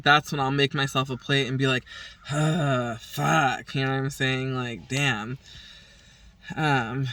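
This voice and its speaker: A woman's voice: extremely low pitch, fairly bright tone, no room sound, recorded from a distance. A woman hosting her own show, telling a rambling story in casual chat, swearing freely and acting out what everyone said. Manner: profane, acts out quoted dialogue, rambling. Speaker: podcast host.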